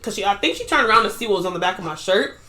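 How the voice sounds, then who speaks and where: A woman's voice: medium pitch, animated, rapid-fire, sharp tone, reverberant. A woman co-hosting a podcast in casual chat, blunt and emphatic. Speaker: podcast co-host.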